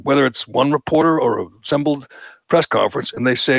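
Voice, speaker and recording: A man's voice: medium pitch, a little fast, creaky, no echo. A man hosting a podcast, giving opinionated political commentary and mocking the people he quotes. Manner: animated, mocking quoted voices. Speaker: podcast host.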